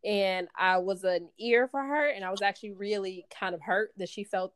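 An actress telling a personal story in casual chat, animated and full of restarts, acting out the voices she quotes. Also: medium pitch, moderate pace, smooth, no echo. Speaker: actress guest.

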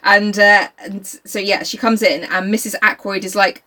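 A woman's voice: mid-range voice, steady tone, normal speed, bright, forceful tone. A woman casually chatting as a co-host, recapping a novel, laughing often and swearing. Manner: laughs often, swears, reads passages aloud. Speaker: podcast co-host.

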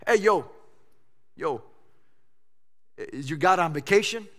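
A man's voice: fairly high pitch, animated, slow pace. A man playing a brash, snarky prophet. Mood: taunting. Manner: brash, taunting. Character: bold, snarky, confident male prophet. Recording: long church-hall reverb.

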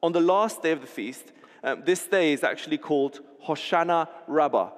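In a hall with long reverb, a man preaches at a moderate pace in a fairly high, animated voice. His sermon brings a scene vividly to life, though he frequently restarts and repeats words.

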